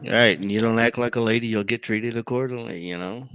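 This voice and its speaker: A man in a casual chat, laid-back, chiming in with quiet agreement. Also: on the low side, a little fast, poor audio.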